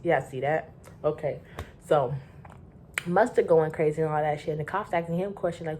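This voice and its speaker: A woman from Florida telling a rambling, profane storytime about her work, animated and loose. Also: sits low, fairly quick, a little hiss or hum. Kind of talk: casual storytime.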